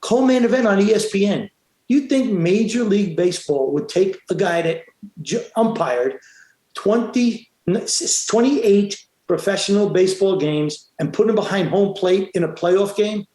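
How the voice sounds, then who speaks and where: A man's voice: sits high, animated, moderate pace, a little mellow, echoey room. A man, a boxing referee, telling stories in an interview, emphatic and acting out the quotes, with many restarts. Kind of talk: animated storytelling in an interview.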